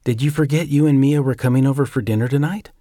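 A friendly young mother speaks gently in a slightly raised voice, as a male narrator puts her on. The sound is close and dry. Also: mid-range voice, fast talker, no echo, voice pushed up, natural voice.

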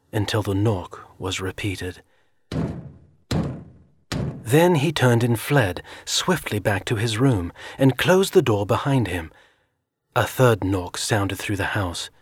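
A man narrating a suspenseful story in a measured, scripted delivery. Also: fairly low pitch, slightly rough, no echo. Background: music.

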